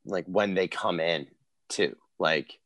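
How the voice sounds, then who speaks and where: A man's voice: low-pitched, takes it slowly, a bit bright, no room sound. A man in a casual music podcast chat, rambling and full of filler words as he talks about guitar playing.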